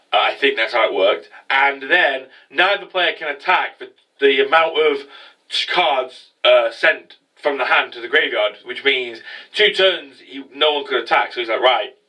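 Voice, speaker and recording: A man's voice: medium pitch, moderate pace, bright, forceful tone, recorded from a distance, poor audio. A man casually recapping an anime episode as a reviewer, rambling with lots of swearing and fillers. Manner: rambling, profane, many fillers.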